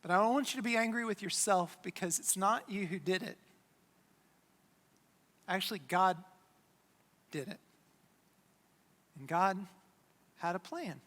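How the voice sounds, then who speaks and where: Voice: medium pitch, a little slow, pauses often, a bit bright, long reverb tail, close to an everyday voice. A pastor voicing a powerful ruler who reveals himself to the brothers who wronged him, within a sermon. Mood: revealing.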